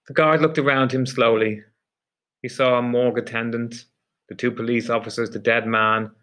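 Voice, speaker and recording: A man narrating a dark story in a measured, deliberate audiobook reading. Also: mid-range voice.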